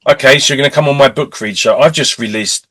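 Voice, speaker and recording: A man's voice: mid-range voice, quick pace, sharp tone. A man hosting an interview, mostly giving short replies and joking asides to his guest. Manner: brief backchannels and joking asides. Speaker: host. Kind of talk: casual interview.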